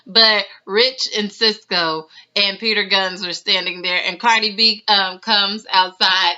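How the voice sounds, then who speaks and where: A woman's voice: mid-range voice, bright, forceful tone. Chatty woman reviewing a reality show. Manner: chatty, laughing, mimics people she recaps. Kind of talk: casual video commentary. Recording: slightly dull lo-fi sound.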